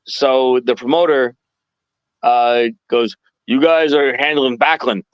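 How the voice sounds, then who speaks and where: A middle-aged man telling wrestling stories in a casual chat, animated and acting out quoted people in a raised voice. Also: medium pitch, slow, clear, resonant tone, dry recording. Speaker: podcast guest telling stories. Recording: dull dry lo-fi stream audio.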